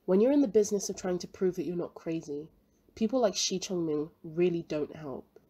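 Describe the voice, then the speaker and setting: A woman reading a novel aloud as scripted narration, in a measured, even storytelling manner. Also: fairly low pitch, husky. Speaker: audiobook reader.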